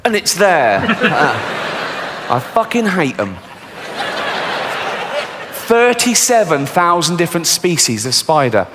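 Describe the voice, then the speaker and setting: A middle-aged man with an English accent doing a stand-up comedy set, swearing freely and telling dark jokes in a deadpan way. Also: on the high side, slow, pauses often. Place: large theatre stage. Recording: reverberant live theatre recording, faint hiss.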